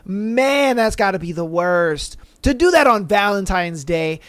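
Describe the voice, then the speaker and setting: A man's voice: sits high, lively intonation, measured pace, a bit bright, no room sound. A podcast host chatting casually and reading online threads, slangy and laid-back, calling listeners bro and man.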